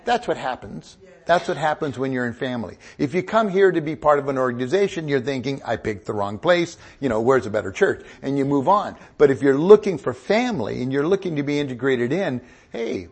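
A middle-aged man preaches with a husky, slightly breathy voice. He swings from quiet asides into loud, emphatic bursts and keeps the room laughing along with him. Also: mid-range voice, brisk, few pauses. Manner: animated, joking preacher with rising emphatic bursts. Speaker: pastor. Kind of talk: sermon.

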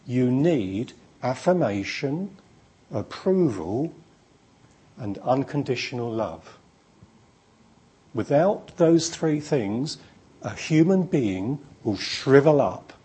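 Slow, husky preacher. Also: male voice, mid-range voice, big pitch swings, warm tone. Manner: emphatic, repetitive, storytelling. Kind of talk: sermon.

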